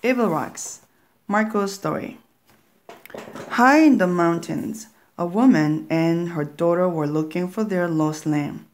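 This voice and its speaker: Slow, deliberate woman story reader. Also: lowish voice, a little hiss or hum. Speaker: storybook narrator. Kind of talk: scripted story reading for learners.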